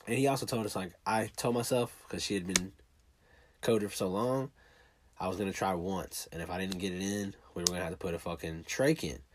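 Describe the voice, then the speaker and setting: A man tells a personal story in a blunt, heavily profane way, often talking fast. The recording is dry and close, with no room sound. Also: on the low side, dry recording.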